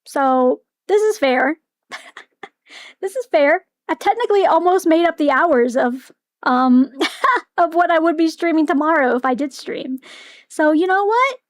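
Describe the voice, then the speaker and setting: A woman's voice: very high-pitched, animated, measured pace, no room sound. A young woman streaming a game, chatting to herself with giggles, sighs and swearing. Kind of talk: casual livestream commentary.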